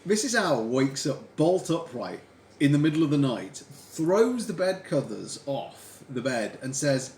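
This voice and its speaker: A man's voice: mid-range voice, unhurried. A man hosting a livestream, chatting casually and telling stories while crafting. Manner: lively, chatty storyteller. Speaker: livestream host. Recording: echoey room, faint background hiss.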